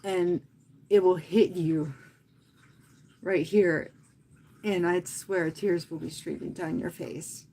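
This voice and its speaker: A woman who hosts live fitness classes, talking earnestly and from the heart to her viewers in a casual livestream, often pausing and speaking softly. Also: lowish voice, steady tone. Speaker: fitness instructor and livestream host.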